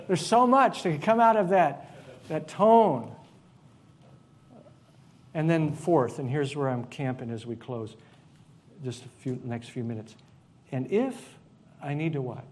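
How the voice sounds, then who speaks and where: A man preaching a sermon in a conversational, animated way, with asides to the congregation. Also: mid-range voice. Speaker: pastor.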